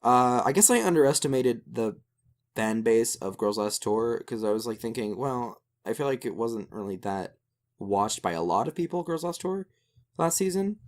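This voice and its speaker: Man, casual podcast co-host, lively swinging pitch, swears, jokey. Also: moderate pace. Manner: animated, swears casually, salty jokes.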